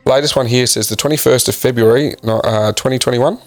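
A man co-hosting a casual podcast, reading facts from a list in a halting way with frequent ums. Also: medium pitch, no room sound, faint music behind. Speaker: podcast co-host. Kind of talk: casual chat.

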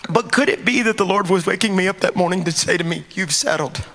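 Casting: male pastor, high bright voice, animated sermon delivery. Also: fast talker. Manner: animated preaching, rising to shouts.

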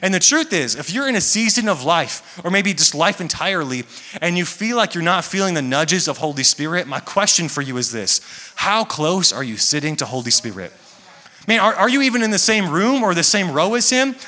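A man's voice: high-pitched, lively intonation, brisk, bright, forceful tone. A young man preaching to a church congregation, talking casually and joking. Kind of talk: sermon. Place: large church hall. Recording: echoey hall with long reverb.

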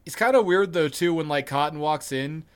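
A man's voice: on the high side, normal speed, smooth. Ranting, swearing podcast co-host, a man. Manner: profane, ranting, emphatic. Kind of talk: casual chat.

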